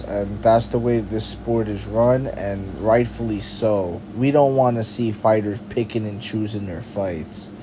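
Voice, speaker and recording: A man's voice: on the low side, dark tone, a little hiss or hum, poor audio. A man giving casual, argumentative opinion commentary on combat sports, full of slang and rhetorical questions. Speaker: MMA commentary host.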